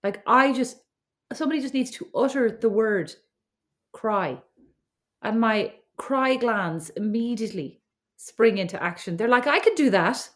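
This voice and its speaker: A woman's voice: a little high, measured pace. Irish woman, middle-aged, podcast co-host, casual chat, teasing storyteller. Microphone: remote recording setup.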